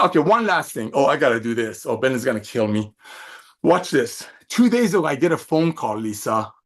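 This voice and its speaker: Effusive high-voiced man on a video call. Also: fairly bright tone. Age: middle-aged. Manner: effusive, emphatic, preacher-like. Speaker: company executive. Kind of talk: motivational sales pep talk.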